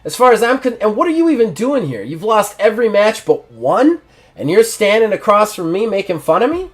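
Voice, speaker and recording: A man puts on a swaggering young wrestling champ who brags loudly and pushes his voice high when he boasts. The pitch leaps around, full of self-important bluster. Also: big pitch swings, moderate pace. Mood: indignant. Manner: boastful, brash, loud. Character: cocky arrogant male wrestling champion, young adult.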